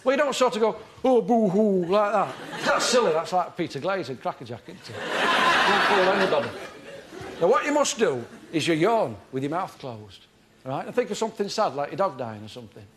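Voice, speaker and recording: This live TV comedy bit features a man in character as a middle-aged amateur acting tutor, fussy and earnest, giving deadpan, pedantic, self-important instruction. He has a high voice, talks a little fast, and the studio recording includes background noise and the audience's laughter.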